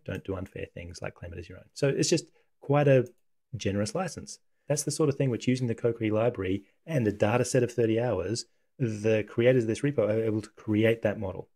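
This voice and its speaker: A man hosting a casual coding tutorial, talking through software on screen in a relaxed, conversational way. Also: medium pitch, gravelly, breathy edge. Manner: relaxed, conversational, thinks aloud.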